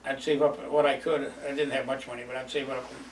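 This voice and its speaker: A man's voice: mid-range voice, level tone, quick pace, slight background noise. An older man telling memories from his youth in a rambling, chuckling way, with many fillers. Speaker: storyteller. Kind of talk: reminiscing oral history. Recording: roomy, distant mic, faint ambience.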